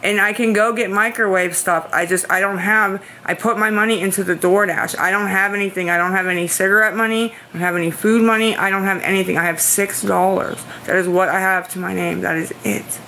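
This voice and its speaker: Woman streamer, defensive and anxious, pleads with chat, bright tense voice. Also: medium pitch, fairly even intonation, brisk, few pauses, slight background noise. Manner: anxious, pleading and defensive, rambling with repeated phrases. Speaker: livestreamer asking viewers for money. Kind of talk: casual live-stream chat, answering viewer comments.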